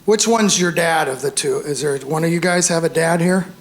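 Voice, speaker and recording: A man in his fifties performing a stand-up comedy set on a club stage, animated, acting out voices and shouting punchlines. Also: a little high, moderate pace. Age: 50s. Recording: roomy live club sound with faint crowd noise. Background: audience laughter.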